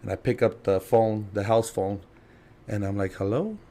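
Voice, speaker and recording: A man telling a story as a podcast guest, casual and animated, laughing and acting out other people's lines. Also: on the low side, normal speed. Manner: animated, laughing, acts out quotes.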